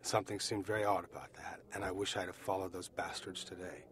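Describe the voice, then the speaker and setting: A man from the United States tells his story as an eyewitness, with a lowish voice. He speaks deliberately and leans on repeated phrases for emphasis. A faint hum sits behind him. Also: flat delivery, a bit bright. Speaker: eyewitness survivor. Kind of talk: personal testimony.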